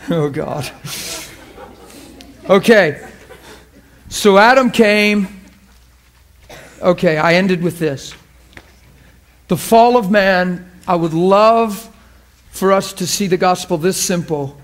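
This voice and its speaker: A man's voice: high voice, slow pace, long pauses. A man preaching a sermon to a class, emphatic and fervent, often asking the audience questions and laughing with them.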